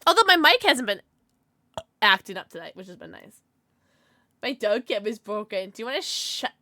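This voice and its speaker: A woman streaming a video game who chats casually with her viewers, giggly, loud and excitable, and high on edibles. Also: normal speed, no room sound, studio quality. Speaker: streamer and voice actor. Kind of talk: casual game livestream chat.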